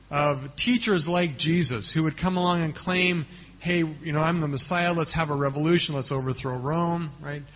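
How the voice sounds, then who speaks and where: Man, pastor, sermon, husky, slightly high voice, muffled lo-fi recording. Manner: earnest teaching tone with frequent "right?" asides.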